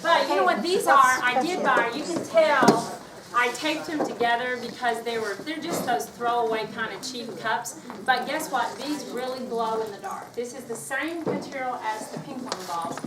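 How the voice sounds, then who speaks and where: A woman's voice: a little high, normal speed, recorded from a distance, very noisy. Woman teacher calling commands in an echoey room. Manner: calls out rhythmic commands, then explains chattily. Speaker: music teacher leading a workshop. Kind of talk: hands-on teaching demonstration. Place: workshop room with an audience.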